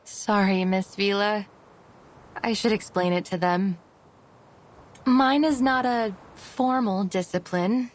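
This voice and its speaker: A woman voicing a calm Russian-accented scholar. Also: mid-range voice, close to an everyday voice. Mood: composed. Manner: measured, polite explaining. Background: game music.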